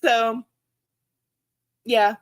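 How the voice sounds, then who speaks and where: A woman, hosting her aquarium vlog and chatting casually, laughing often and jumping into high-pitched reenactments of her own reactions. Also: level tone, very slow. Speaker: aquarium channel host. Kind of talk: casual chat to livestream viewers.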